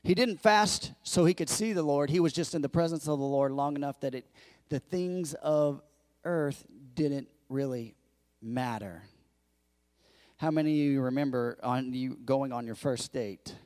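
A pastor preaching a lively sermon to his congregation, acting out quoted lines in a raised voice and joking with the crowd. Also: mid-range voice, measured pace. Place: church.

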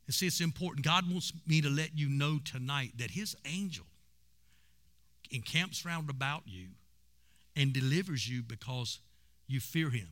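A man preaching, his voice bright and forceful. He tells stories with plenty of emphasis. His pitch sits in the middle range. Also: animated, moderate pace. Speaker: pastor. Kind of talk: sermon.

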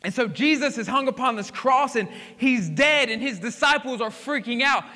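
High bright preacher in a big hall. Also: male voice, animated, moderate pace. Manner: dramatic storytelling, swinging from hushed to emphatic. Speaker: pastor. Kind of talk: sermon. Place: church sanctuary.

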